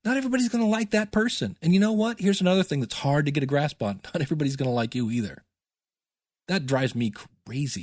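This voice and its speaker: Man, middle-aged, podcast teacher, chatty, self-deprecating, slightly high voice, dry close sound. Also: lively intonation, quick pace, a little mellow, dry recording. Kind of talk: casual solo podcast talk.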